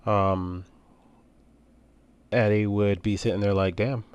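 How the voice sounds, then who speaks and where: A man narrating as game master of a streamed tabletop game, relaxed with many fillers. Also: fairly low pitch, normal speed.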